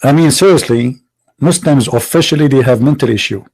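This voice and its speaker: A man's voice: medium pitch, fairly quick, a little mellow, breathy edge, low-quality recording. A man hosting a heated religious debate, taunting with repeated rhetorical questions. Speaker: debate show host.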